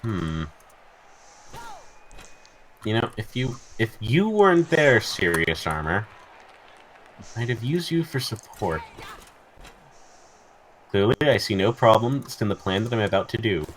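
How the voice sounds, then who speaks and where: A man's voice: fairly low pitch, sing-song, unhurried, pauses often, slight background noise. A man casually commentating his own video game match, joking dryly and talking to his game pieces. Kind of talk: casual gameplay banter.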